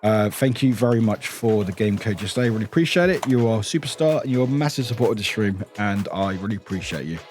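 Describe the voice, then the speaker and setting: A man's voice: lowish voice, lively intonation, fast talker, hardly any pauses, darkish tone, slight background noise. A young British man casually chatting with his live-stream viewers, greeting them by name and laughing often.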